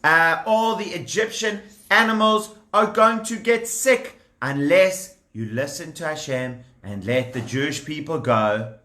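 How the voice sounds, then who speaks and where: Bright, high-voiced male storyteller. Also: a little slow, hardly any pauses, roomy sound. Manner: lively, animated, talks directly to the children with props. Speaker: children's storyteller. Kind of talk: children's storytelling.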